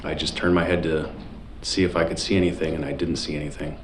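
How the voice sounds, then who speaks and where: A man with an extremely low voice answers questions on the witness stand in short, measured replies. The courtroom echo is roomy, and faint room noise sits underneath. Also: level tone. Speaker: police officer testifying as a witness. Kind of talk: witness testimony. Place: large courtroom.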